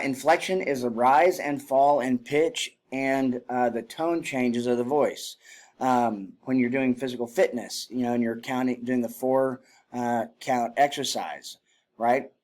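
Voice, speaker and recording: Man explaining military drill commands. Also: medium pitch. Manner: explains plainly, shouts drill commands and cadence counts in demonstrations. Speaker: drill instructor. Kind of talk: spoken lesson on military drill.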